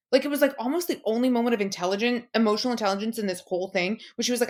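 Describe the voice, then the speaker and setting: Woman, podcast guest, animated, profane, ranting, casual chat. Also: fairly high pitch, quick pace, hardly any pauses.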